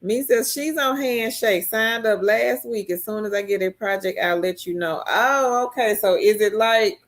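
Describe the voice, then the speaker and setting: On her casual live stream, a woman reads comments from viewers and chats back in response, speaking at a moderate pace. Excitement sends her pitch jumping up high.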